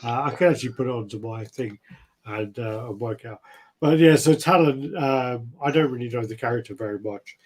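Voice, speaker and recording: A man's voice: medium pitch, a little fast. Sweary man in casual chat. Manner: swears freely, trails off with fillers. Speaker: co-host of a collectibles chat show.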